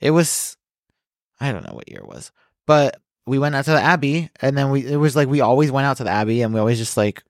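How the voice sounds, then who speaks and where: A man co-hosting a podcast, reading the news and telling stories in casual chat, swearing often and acting out quotes loudly. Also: medium pitch, fast talker, dry recording, studio quality. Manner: animated, swears a lot, acts out quotes loudly. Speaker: podcast co-host.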